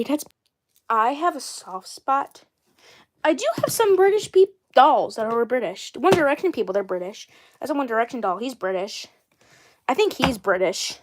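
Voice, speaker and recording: A young woman in her twenties chats loosely about her doll collection on a livestream. Her voice sits a little high. She rambles, restarts her sentences and clears her throat often. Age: 20s. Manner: rambling, self-correcting, frequent throat clearing. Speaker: doll series creator. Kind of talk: casual livestream chat.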